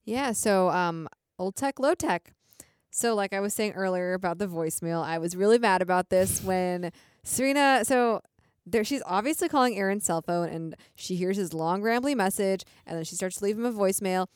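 Relaxed young woman podcast co-host. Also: medium pitch, normal speed, smooth, no echo, studio quality. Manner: relaxed, trailing off, stumbling over words. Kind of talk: casual chat.

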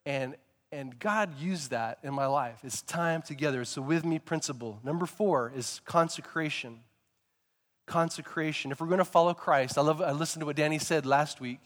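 A man preaching a sermon, telling stories in a lively way and sometimes rising to emphatic shouts. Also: fairly high pitch, moderate pace, long reverb tail. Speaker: pastor.

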